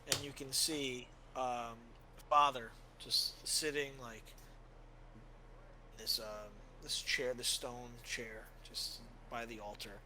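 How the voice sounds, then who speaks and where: Bright-voiced man running a tabletop game. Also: medium pitch, flat delivery, slow pace, a little hiss or hum, poor audio. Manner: loose storytelling, many fillers. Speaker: game master.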